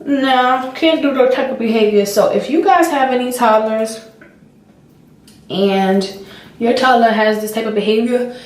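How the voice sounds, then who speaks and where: A young woman chats casually and tells stories with animated flair, her voice sitting a little high. She sounds set back from the camera in an echoey room at home. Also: measured pace, far from the mic. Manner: animated storytelling, acting out her toddler's voice. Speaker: vlogger. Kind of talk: casual chat while doing makeup.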